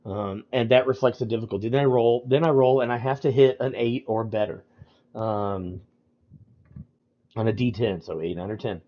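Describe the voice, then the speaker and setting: A man's voice: mid-range voice, normal speed, dull audio. Rambling man explaining game rules. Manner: rambling, many ums and restarts. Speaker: storyteller explaining game mechanics. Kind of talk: casual livestream talk.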